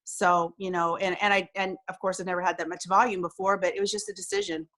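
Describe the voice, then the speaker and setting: A woman telling an emotional personal story over a video call, animated and acting out what people said. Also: on the low side, fast, gravelly, rough recording. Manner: animated, acts out quoted dialogue, frequent restarts. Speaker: guest sharing a success story.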